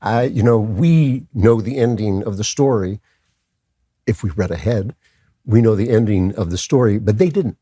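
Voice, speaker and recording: Husky, dark-voiced older man host. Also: on the low side, normal speed. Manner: conversational, with frequent restarts and asides. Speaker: podcast host. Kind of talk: casual commentary.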